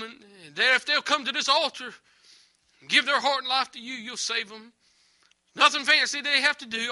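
Male preacher, high and sharp-toned, earnest tearful pleading in prayer. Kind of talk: emotional church prayer.

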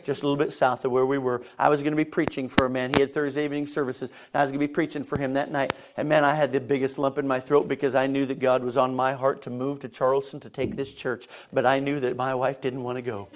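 A male pastor telling a personal story in a sermon, swinging between self-mocking humor and quiet, earnest stretches. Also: medium pitch, level tone, fast talker, hardly any pauses, slight background noise.

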